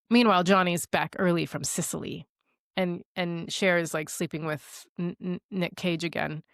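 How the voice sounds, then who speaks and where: A woman with a lowish voice cheerfully recaps a film plot for her co-host, slipping into quick impressions of the characters. The audio is dry and close, with no room sound. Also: creaky, no room sound. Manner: animated storyteller, acting out characters' lines, laughing often. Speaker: podcast co-host. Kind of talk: casual film recap chat.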